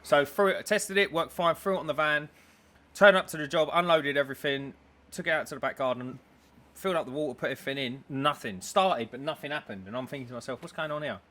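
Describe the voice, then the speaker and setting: An English man rattles through a story at a quick clip, his voice sitting a little high. He is a podcast co-host in casual chat, acting out the people he quotes. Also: sharp tone.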